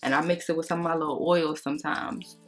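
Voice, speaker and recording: A woman's voice: low voice, fast talker, faint music behind. A young woman, chatting and gossiping casually while doing her makeup for a beauty vlog. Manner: chatty, gossipy, slangy and expressive. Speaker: beauty vlogger. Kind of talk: casual storytime during a makeup tutorial.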